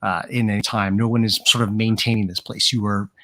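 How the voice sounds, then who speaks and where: A man's voice: on the low side, flat delivery, brisk, bright, forceful tone. A man running a tabletop game as game master, describing scenes in a rambling way full of "sort of" and "kind of".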